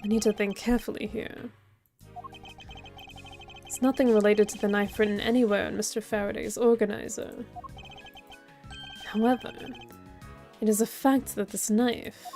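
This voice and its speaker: A woman voicing a calm, logical male prosecutor, reading game dialogue aloud in a measured, formal way. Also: mid-range voice, faint music behind, natural voice. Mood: reasoning.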